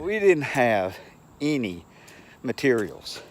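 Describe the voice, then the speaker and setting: A man's voice: medium pitch, a little slow, pauses often, a little mellow. An older man, a retired teacher, telling rambling stories in a casual monologue and acting out the people he quotes. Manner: rambling, folksy anecdotes with acted-out quotes.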